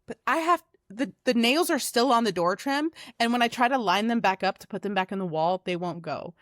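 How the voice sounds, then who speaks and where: A young adult woman co-hosting a podcast, telling a story in lively casual chat, swearing often and acting out her own reactions. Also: medium pitch, fairly quick, dry recording, studio quality. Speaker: podcast co-host.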